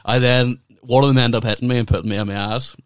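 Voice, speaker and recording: A man's voice: medium pitch, steady tone, fast talker, smooth, dry recording, clean studio sound. A man, a comedian and podcast co-host, telling rambling, profane stories in a casual chat over a video call.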